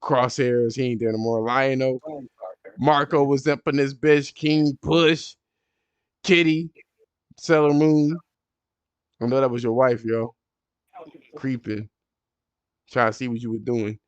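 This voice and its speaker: A man hosting a casual podcast, telling stories in an animated, profane way and jumping high when he quotes people. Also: unhurried, pauses often, clear, resonant tone, no room sound. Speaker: podcast host.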